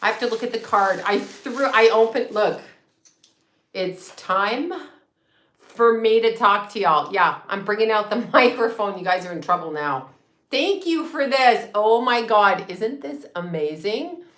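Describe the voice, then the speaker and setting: A woman hosting a casual livestream from home, chatty and excitable, swearing freely and laughing often. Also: medium pitch, unhurried. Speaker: psychic medium and astrologer livestream host. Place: home room with a set. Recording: echoey room with faint noise.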